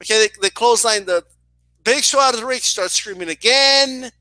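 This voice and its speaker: A young man telling a story in a casual, animated way, swearing and often asking "right?". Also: very high-pitched, fairly quick, dry recording. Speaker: boxing and wrestling commentator.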